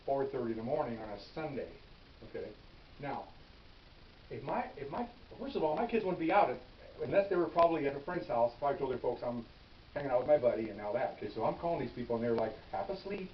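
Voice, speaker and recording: An older man spins police stories at a brisk clip, animated and casual, often restarting phrases and tossing in "okay?". His voice sits back from the mic in a roomy space, with a dull, slightly lo-fi sound and a faint hiss underneath. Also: mid-range voice. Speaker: veteran police officer telling stories. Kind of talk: casual storytelling. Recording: echoey room, distant mic, dull and hissy.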